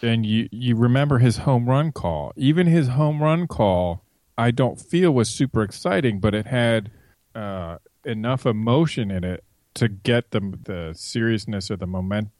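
A man in a casual podcast chat, venting in long, rambling runs full of restarts and trailing asides. His voice sits in an ordinary middle pitch and is recorded close and dry, with no room sound. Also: expressive, a little slow, a little mellow, dry recording. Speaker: podcast co-host.

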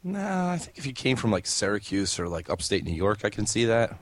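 Male podcast co-host, blunt and profane, rapid talker, dry close-mic sound. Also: fairly low pitch, sing-song, dry recording. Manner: blunt, fast, profane, quick to laugh. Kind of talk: casual chat.

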